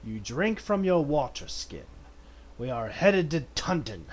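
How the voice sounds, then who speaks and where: In casual streaming commentary, a man whose voice sits on the high side reads in-game text aloud at an unhurried pace. Every so often he breaks into abrupt, excited outbursts.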